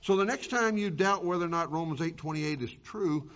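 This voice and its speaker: A man preaching a sermon and telling a story dramatically, swinging between loud and soft passages. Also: a little high, a little fast. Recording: dull lo-fi recording.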